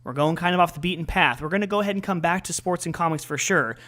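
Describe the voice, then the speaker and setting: A man's voice: on the high side, fast talker, bright, forceful tone. A man from Newark, California, hosting a podcast, introducing a guest in an upbeat way. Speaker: podcast host. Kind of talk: casual podcast chat.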